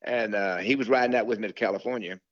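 An older man talks through his career in a low, unhurried voice, losing the thread now and then and circling back with fillers. The sound is dull and dry, with no room around it. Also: steady tone, dry recording. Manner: rambling, many fillers and restarts. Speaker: country singer, interview guest. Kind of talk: relaxed storytelling interview.

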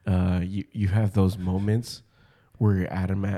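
A man's voice: level tone, measured pace, dark tone. A young man chatting casually as a podcast co-host, joking and often slipping into put-on voices. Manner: joking, swings into put-on posh or squeaky voices. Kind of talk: casual chat.

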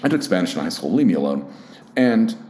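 A man's voice: sits low, big pitch swings, quick pace, warm tone. A young man hosting a casual solo podcast, rambling and self-deprecating with plenty of swearing. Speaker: podcast host. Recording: roomy echo.

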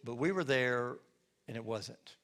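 Folksy middle-aged pastor preaching. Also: male voice, mid-range voice, a little slow, a bit bright. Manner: folksy storytelling with self-deprecating humor. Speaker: lead pastor. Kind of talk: sermon with personal testimony.

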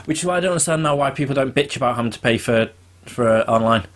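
A man with an average-pitched voice co-hosting a casual podcast. He speaks in a relaxed way, leaning on plenty of ums and uhs as he goes. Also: quick pace. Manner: relaxed, filler-heavy, laughs at jokes. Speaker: podcast co-host. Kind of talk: casual chat.

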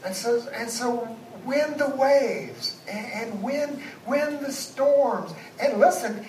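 Male guest pastor, sermon, fairly high voice, loud then hushed, echoey church, distant mic. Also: animated, takes it slowly, hardly any pauses. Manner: swings from loud exhortation to hushed asides. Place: church sanctuary. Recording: echoey church sound from a distance, background noise.

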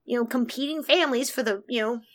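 Eine Frau spielt einen entnervten Vater, hohe Stimme. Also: female voice, fairly high pitch, fairly bright tone, close to an everyday voice. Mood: exasperated. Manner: rambling, halting, exasperated. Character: exasperated father of a rebellious son, vying for mayor.

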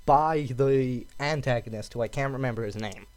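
A man co-hosting a podcast, recounting an anime scene in casual, animated chat. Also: medium pitch, moderate pace. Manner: animated storytelling. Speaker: podcast co-host.

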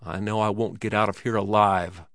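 A man voicing a frightened, agitated Swedish guest who quavers, pleads and shouts, in a story reading. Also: lowish voice, fairly even intonation, normal speed, dry recording, studio quality. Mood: terrified.

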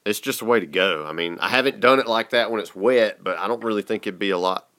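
A man, hosting a relaxed, folksy chat. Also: fairly low pitch, fast talker, no room sound. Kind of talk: casual chat.

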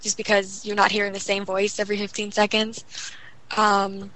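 A young woman chatting casually about games, talking quickly and rambling with lots of fillers. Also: medium pitch, completely flat delivery, fairly bright tone, low-quality recording. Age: young adult. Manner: rapid, rambling, full of fillers. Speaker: guest gamer. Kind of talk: casual chat.

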